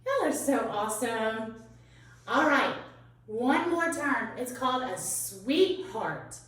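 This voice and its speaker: A woman teaching children a dance lesson, calling out steps and counting in an encouraging, bright way. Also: fairly high pitch, animated, slow. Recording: echoey room from a distance.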